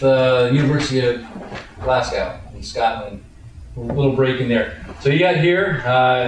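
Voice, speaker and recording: A man introduces a guest speaker, halting and restarting as he goes. His voice sits at a middle pitch. It is heard from a distance in a very reverberant hall with faint noise behind. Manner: halting, many fillers and restarts. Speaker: event introducer. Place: large lecture hall. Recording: echoey hall, mic far off.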